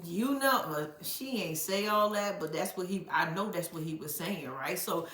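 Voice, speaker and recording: A woman's voice: on the low side, moderate pace, reverberant, slight background noise. A woman recapping a reality show in casual, profane, dramatic commentary, addressing her viewers directly. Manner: animated, profane, dramatic storyteller who laughs often and addresses viewers as "y'all".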